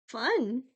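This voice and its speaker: A woman's voice: very high-pitched, no room sound. A young woman from Iceland chatting casually on a livestream, giggling often and using lots of fillers.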